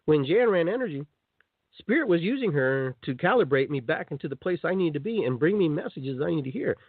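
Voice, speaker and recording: A man hosting a live spiritual talk show, talking in a loose, animated way and acting out little scenes in playful voices. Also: fairly high pitch, breathy edge, no echo, narrow, tinny audio. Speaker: host. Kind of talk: spiritual talk radio monologue. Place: radio show.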